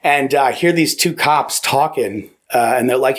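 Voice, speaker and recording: A man telling stories casually on a podcast as a guest. He is animated, laughs a lot, acts out quotes and swears freely. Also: medium pitch, moderate pace. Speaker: podcast guest, former paramedic. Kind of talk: casual storytelling. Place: podcast studio.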